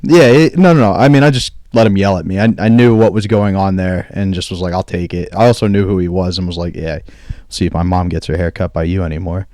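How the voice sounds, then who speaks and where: Low-voiced man telling a rambling story. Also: fast talker, mellow, no echo. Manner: rambling storyteller who acts out quoted dialogue. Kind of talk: casual podcast chat.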